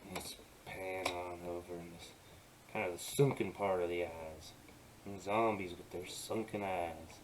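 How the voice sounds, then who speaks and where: A man with a somewhat low voice talks through a digital painting tutorial. He keeps it soft and easygoing, slipping into quiet murmurs and playful asides. A faint hiss sits under the voice. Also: fairly even intonation, a little slow. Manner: soft, gentle and easygoing, often dropping to a murmur; playful asides while working. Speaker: digital artist.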